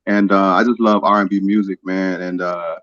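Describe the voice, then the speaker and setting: A man joining a live stream as a guest musician, talking in a relaxed, hesitant way. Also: low-pitched, moderate pace, no echo, highs cut off. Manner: relaxed, hesitant, with many fillers. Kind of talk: casual live-stream chat.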